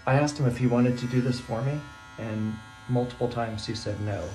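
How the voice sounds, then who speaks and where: A man's voice: medium pitch, fairly even intonation, normal speed, mellow, slight background noise. A middle-aged male teacher talking casually to his phone from a small bathroom, nervous and rambling, exclaiming to himself as he goes. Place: small bathroom, sitting in a bathtub. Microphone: phone propped nearby.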